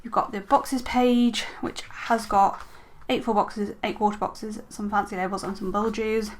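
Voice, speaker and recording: A young woman talks casually at her desk at home, her voice sitting at a middle pitch. She chats along as a vlogger, filling pauses with ums and correcting herself as she goes. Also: little pitch movement. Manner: chatty, frequent ums, self-correcting. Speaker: planner vlogger. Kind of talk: casual show-and-tell chat.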